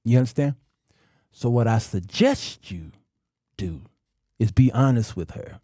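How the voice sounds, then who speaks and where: A middle-aged man hosting a talk show, delivering a slow, emphatic monologue to men with long dramatic pauses. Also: medium pitch, lively intonation, warm tone, no echo, clean studio sound.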